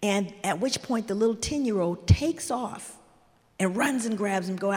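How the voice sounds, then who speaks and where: Earnest older woman, high voice, echoing hall. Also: measured pace. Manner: earnest, warm, full of "you know" asides. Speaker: guest. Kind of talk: reflective storytelling in conversation. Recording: long hall reverb.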